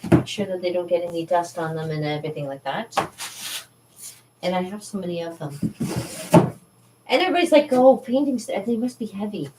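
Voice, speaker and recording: A chatty woman painter talks her way around her art studio, rambling cheerfully and laughing often. Her voice sits a little low and reaches the mic from across the room. The room rings with a roomy echo. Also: animated, fairly quick, long pauses, recorded from a distance, very noisy. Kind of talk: casual studio vlog. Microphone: camera mic, moving around the room.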